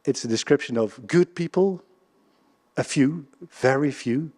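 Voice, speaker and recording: A man with a Dutch accent giving a public history lecture, speaking haltingly with many restarts and questions to the audience. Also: medium pitch, darkish tone. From Netherlands. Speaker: guest lecturer. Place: lecture hall before a live audience. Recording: reverberant lecture hall.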